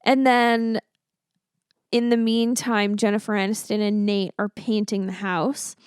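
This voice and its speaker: A woman's voice: medium pitch, level tone, a little slow, clean tone, no room sound, clean studio sound. A woman co-hosting a podcast, chatty and amused as she retells scenes from a movie. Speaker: podcast co-host. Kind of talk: casual movie-review chat.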